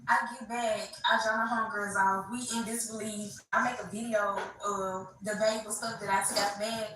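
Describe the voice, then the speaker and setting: A woman hosting a livestream, casually telling a story to her viewers in an animated, slangy way. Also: medium pitch, brisk, recorded from a distance, slight background noise. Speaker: livestream host. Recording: echoey room, away from the mic.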